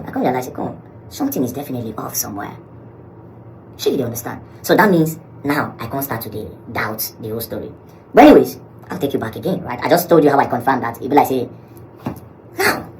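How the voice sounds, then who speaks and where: Nigerian male vlogger, quick and lively storyteller who acts out every quote. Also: on the high side, low-quality recording. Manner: animated, acts out quoted dialogue, mixes Pidgin. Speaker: social media commentator. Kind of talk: storytelling vlog.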